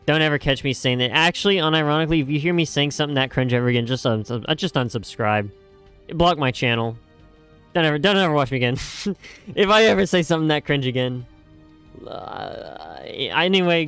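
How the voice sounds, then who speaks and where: A man's voice: mid-range voice, animated, moderate pace, a bit bright, clear, resonant tone, faint music behind. A young man chatting casually on a live stream, rambling and joking at himself with lots of fillers and restarts. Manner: rambling, jokey, self-mocking, many fillers and restarts. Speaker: streamer reacting to game music.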